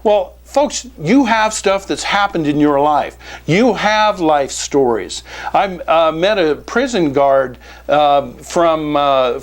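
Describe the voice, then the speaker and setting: A man who is a business coach and author, giving a direct-to-camera sales pitch in a folksy manner, calling his listeners "folks" and hammering points with repetition. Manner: folksy, keeps addressing "folks", emphatic repetition.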